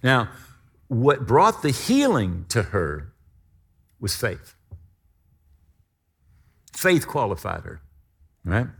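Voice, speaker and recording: A man preaching a sermon, emphatic, with dramatic swings between loud stresses and quiet drops. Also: mid-range voice, very slow, creaky, long pauses, husky. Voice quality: lively, expressive intonation.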